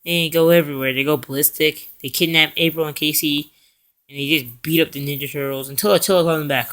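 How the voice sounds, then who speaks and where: A man's voice: on the high side, steady tone, a bit bright. Rambling young guy recapping a cartoon. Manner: rambling, full of fillers and self-corrections; acts out characters' lines in quick voices. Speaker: cartoon episode reviewer. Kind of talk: casual recap.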